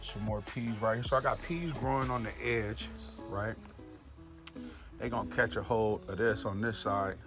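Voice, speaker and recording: A man casually walking viewers through his home garden, chatty and relaxed, calling them y'all. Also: on the low side, moderate pace. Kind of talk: casual walk-through narration. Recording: music playing clearly behind the voice.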